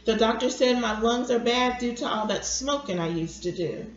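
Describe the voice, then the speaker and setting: A woman reading aloud as a dying old grandfather who chuckles gently and patiently teases his grandson. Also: a little high, normal speed, a little hiss or hum, close to an everyday voice. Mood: gentle. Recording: roomy, dull lo-fi recording.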